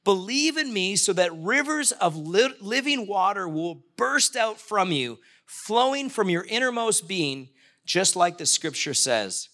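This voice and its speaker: A man preaching to his church congregation with a bright, forceful tone and a high-pitched voice. He talks in a conversational way and keeps asking the congregation questions. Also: sing-song, a little slow. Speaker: pastor. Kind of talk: sermon. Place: church, live-streamed service.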